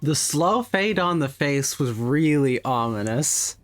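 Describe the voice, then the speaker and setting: Dry-witted let's-play co-host, slow and lively. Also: medium pitch, no echo. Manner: dry, wry remarks. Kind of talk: casual commentary.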